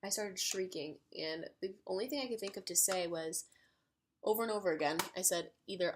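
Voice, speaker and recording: A woman telling a story to camera in an excitable, chatty way, full of "like". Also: on the low side, fast talker, background noise. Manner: excitable, chatty, heavy use of "like". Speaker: storytime vlogger. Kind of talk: casual storytelling.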